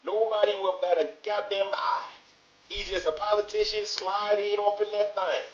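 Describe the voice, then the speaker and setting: A man's voice: high-pitched, flat delivery, normal speed, roomy sound, muffled recording, close to an everyday voice. A man playing a folksy Southern congressman introducing a bill in a mock-formal speech.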